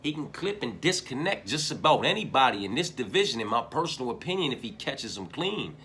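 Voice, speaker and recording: A man giving a profane fight preview, swinging from shouted hype to low, muttered repetition. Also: big pitch swings, a little fast, slight background noise. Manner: heavy profanity, repeats phrases. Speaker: MMA fight analyst.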